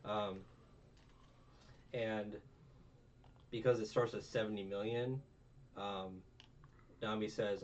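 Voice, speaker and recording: A man hosting an anime review, recapping the plot in a rambling, profane, animated way. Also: fairly low pitch, takes it slowly, pauses often. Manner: rambling, profane, animated with put-on character voices. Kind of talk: casual recap chat. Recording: distant lo-fi mic with faint room noise.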